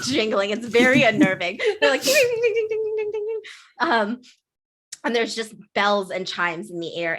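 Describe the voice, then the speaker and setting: A woman narrating a tabletop game as game master, lively and loose, laughing often. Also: medium pitch.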